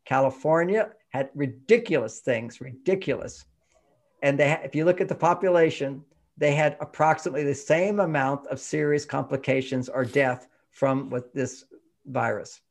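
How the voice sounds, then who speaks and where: A man from Texas, an author being interviewed, talking in an emphatic, animated way and laughing mid-sentence. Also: medium pitch, moderate pace. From Texas, USA. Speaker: author guest. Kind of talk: conversational interview.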